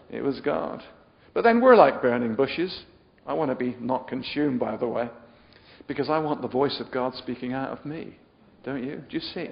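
A man's voice: on the high side, moderate pace, gravelly. Chatty, jokey male preacher in a reverberant hall. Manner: chatty, jokey, asks the audience questions. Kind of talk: sermon. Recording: dull lo-fi sound with long hall reverb.

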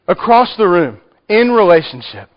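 A man's voice: high voice, big pitch swings, normal speed. A man with a Texan accent preaching a sermon, conversational and joking with the congregation. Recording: muffled lo-fi recording.

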